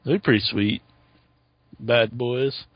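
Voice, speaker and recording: A man's voice: medium pitch, steady tone, slow, no echo. A man hosting a wrestling talk radio show, casual and crude, joking and laughing often. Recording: dull lo-fi sound, dry.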